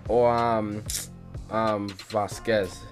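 A man's voice: on the low side, little pitch movement, extremely slow, faint music behind. A man, co-hosting a casual football podcast, cutting in insistently to make his point. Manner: insistent, cuts in with wait and nah. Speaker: podcast co-host.

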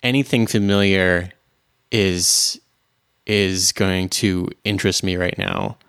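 A man's voice: deep voice, steady tone, slow, fairly bright tone, smooth, no room sound, studio quality. A man playing a tabletop role-playing game, thinking aloud hesitantly with many restarts. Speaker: player.

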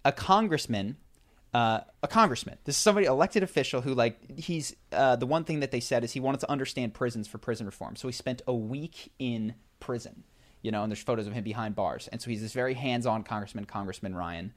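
A man telling a long story in a casual chat, animated, with many fillers and restarts. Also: medium pitch, brisk.

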